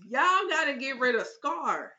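A woman co-hosting a movie review podcast, retelling the plot in casual chat and sounding animated and exasperated, swearing freely. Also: high voice, a little slow, poor audio.

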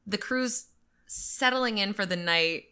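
A woman's voice: mid-range voice, takes it slowly, a crowd in the background. A woman co-hosting a podcast in casual chat, retelling a story and acting out quotes in silly voices. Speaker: podcast co-host.

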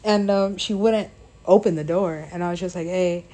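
A woman's voice: on the low side, fairly even intonation, moderate pace, dark tone. A young woman casually telling a personal story, rambling with lots of fillers, laughing and swearing along the way.

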